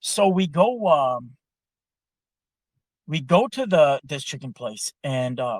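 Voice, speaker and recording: A man's voice: a little high, sing-song, slow, pauses often, a little mellow, no echo. A man hosting a podcast, telling a long story in a casual, profane, exasperated way. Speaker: podcast host.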